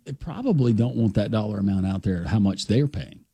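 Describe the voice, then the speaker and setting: A man's voice: lowish voice, animated, fairly quick, warm tone, breathy edge, no room sound. A man co-hosting a sports talk radio show, making wry joking asides in casual chat. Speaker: radio co-host.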